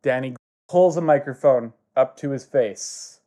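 Slow, halting man spinning a story. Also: mid-range voice, mellow. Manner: slow, halting narration with many pauses. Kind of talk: improvised comedic storytelling.

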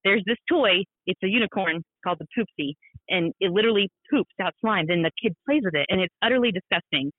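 A woman in her thirties, a podcast guest and mother, telling a personal story in an animated, self-deprecating way with lots of laughs and fillers. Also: medium pitch, fast talker, dry recording. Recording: thin phone-like sound, dry.

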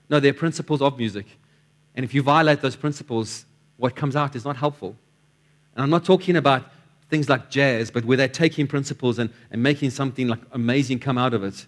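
A man's voice: medium pitch, a little fast. A man delivers a sermon to his congregation. His delivery is conversational and anecdotal, and he restarts and repeats words as he builds his points. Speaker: preacher.

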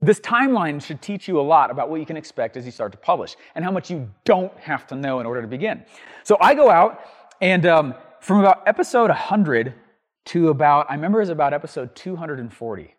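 A man hosting a show and teaching entrepreneurs, telling an energetic, rambling story to the camera with plenty of ums and restarts. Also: a little high, brisk, long reverb tail. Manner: writes on a board while talking.

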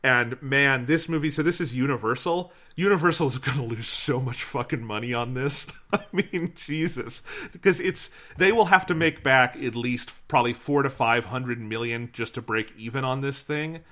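A man's voice: medium pitch, normal speed, a bit bright. A man co-hosting a podcast, talking casually in a blunt, emphatic, profane way. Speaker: podcast co-host. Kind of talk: casual chat.

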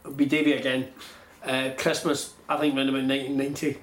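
A man's voice: mid-range voice, flat delivery, fast. A Scottish man co-hosting a podcast, telling rambling anecdotes with lots of swearing and laughter. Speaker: podcast co-host. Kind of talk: casual chat. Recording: echoey room, faint noise.

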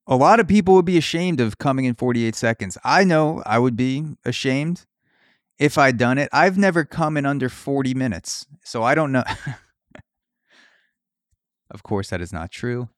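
A man's voice: mid-range voice, normal speed, long pauses, dry recording. A man riffing through a profane comedic monologue as a podcast host. His voice sits in a middle register, and the sound is dry and close to the mic.

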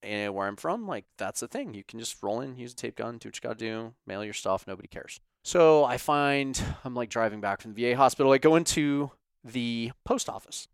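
A man telling a casual, animated story, sarcastic and full of profanity. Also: medium pitch, fairly quick, smooth, dry recording, studio quality.

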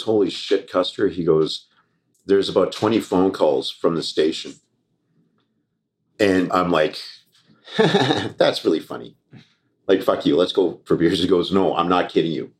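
A man guest on a podcast, telling a story casually, swearing and laughing as he acts out what people said. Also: low-pitched. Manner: profane, laughing, animated anecdote with quoted voices.

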